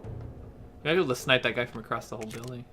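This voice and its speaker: A man's voice: medium pitch, racing, sharp tone, faint music behind. A man watching a friend play a video game, chatting casually, giving tips and laughing often. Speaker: co-host watching gameplay. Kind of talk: casual gameplay chat.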